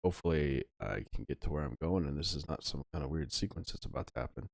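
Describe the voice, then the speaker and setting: Deep-voiced man chatting over a game. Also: quick pace, gravelly, no room sound, clean studio sound. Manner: chatty, swears offhandedly. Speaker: let's play host. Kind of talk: casual gameplay commentary.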